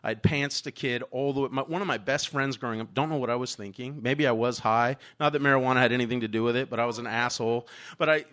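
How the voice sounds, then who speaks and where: A man, a teacher, telling a personal story in a candid, animated way, swearing freely and laughing as he goes. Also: medium pitch, fast, hardly any pauses.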